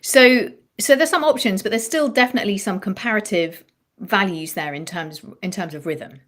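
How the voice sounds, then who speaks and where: A woman songwriting coach explaining ideas in an animated interview chat, restarting her phrases as she thinks aloud. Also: medium pitch, moderate pace.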